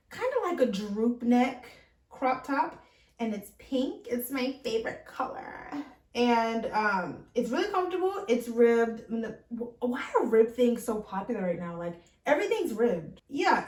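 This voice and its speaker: A woman's voice: a little high, distant mic. Bubbly young woman, roomy room sound. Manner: bubbly, chatty, lots of fillers. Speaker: fashion vlogger. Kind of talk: casual try-on haul chat.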